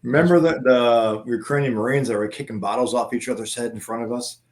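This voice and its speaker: A man's voice: medium pitch, fairly quick. A man telling war stories in casual chat, laughing often and swearing freely. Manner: laughing, profane, animated anecdotes. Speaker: former Marine guest.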